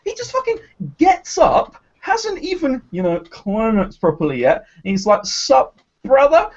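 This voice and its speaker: A man's voice: very high-pitched, normal speed. An English man in casual podcast chat, swearing a lot as he spins a story. His voice swings widely up and down, and the audio sounds dull and lo-fi, like an old livestream. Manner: swears freely, animated storytelling. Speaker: podcast co-host.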